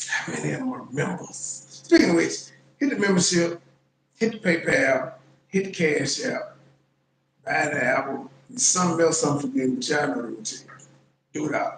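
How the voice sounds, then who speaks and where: A man's voice: fairly high pitch, moderate pace, a bit bright, roomy sound, slight background noise, rough recording. A man hosting a reaction commentary, talking bluntly and mockingly about a clip he plays. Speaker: commentary channel host.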